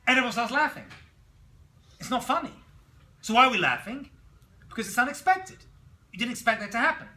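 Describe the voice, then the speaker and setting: A man teaching a class as a rabbi, telling jokes and stories in an animated way and throwing questions at his students. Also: high voice, a little hiss or hum. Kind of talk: classroom lecture.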